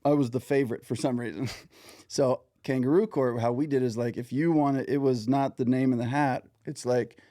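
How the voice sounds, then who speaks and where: Chatty male host, dark dry voice. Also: medium pitch, fairly even intonation, fairly quick, no echo. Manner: chatty, swearing anecdotes. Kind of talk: casual interview chat.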